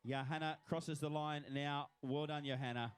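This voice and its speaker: A man's voice: on the high side, steady tone, normal speed, clear, resonant tone. A man with an Australian accent, commentating live at a swim finish line and congratulating each swimmer by name.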